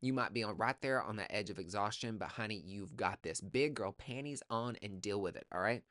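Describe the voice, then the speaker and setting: A sassy man reading tarot in a casual, profane way, calling the listener honey as he pushes them on. His voice sits fairly low, and the sound is dry and close with almost no room. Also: a bit bright, no echo. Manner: emphatic, motivational pep talk. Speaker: tarot reader.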